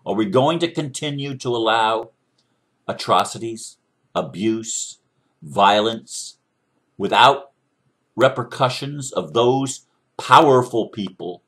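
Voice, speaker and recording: A man's voice: mid-range voice, lively intonation, takes it slowly, fairly bright tone. A man giving an impassioned commentary monologue, emphatic and preachy, driving his points home with rhetorical questions. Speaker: commentator responding to another speaker.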